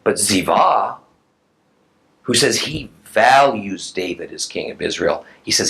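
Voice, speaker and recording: A man's voice: fairly low pitch, expressive, slow pace, creaky, a bit bright, rough recording. A man teaching a recorded Bible class who reads scripture aloud and explains it emphatically to his listeners.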